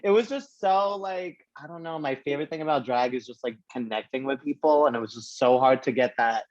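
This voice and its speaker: A man's voice: mid-range voice, fairly quick, darkish tone, dry recording, dull audio. Sassy slangy man. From Brooklyn, New York. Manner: sassy and slangy, laughs often, calls people honey. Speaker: drag performer guest. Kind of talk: casual podcast chat.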